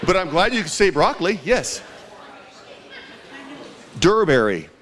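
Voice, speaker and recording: A man's voice: sits high, sing-song, unhurried, a bit bright, slight background noise. Playful man hosting a crowd quiz. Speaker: event emcee. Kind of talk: trivia quiz hosting at a community event. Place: large indoor hall with a crowd.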